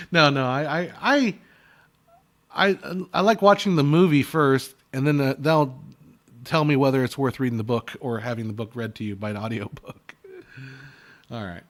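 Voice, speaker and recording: A man of ordinary pitch chats casually with his viewers, answering their questions. He rambles and goes off on asides. He often stumbles and restarts as he gives his blunt opinions. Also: fairly even intonation, normal speed, long pauses.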